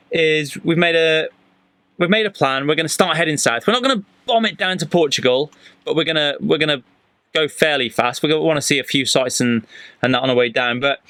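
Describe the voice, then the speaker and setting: A man's voice: on the high side, sharp tone, no room sound. A British man chatting casually to camera for his van life travel vlog. He is slangy and sweary and talks straight to his viewers from inside his camper van while driving. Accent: British English. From United Kingdom. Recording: clear road and vehicle noise behind the voice.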